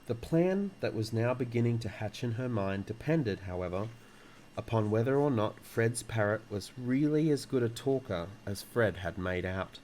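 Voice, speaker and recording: A man with a fairly low voice reads a children's book aloud, calm and unhurried. A faint hiss sits under his steady narration. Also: poor audio. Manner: calm, relaxing delivery. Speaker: storyteller.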